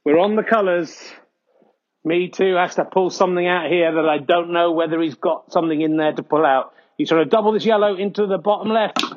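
A man hosting a comedy podcast, giving mock-earnest snooker commentary with frequent excited exclamations. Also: high voice, fairly quick, dull audio. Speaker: host doing mock sports commentary.

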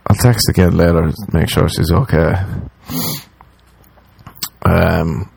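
A man's voice: deep voice, fairly even intonation, takes it slowly, creaky, a little mellow, slightly rough, no room sound. A young Irish man, a comedian, hosting a podcast and telling a story in a rambling, profane, self-deprecating way. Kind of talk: casual storytelling monologue.

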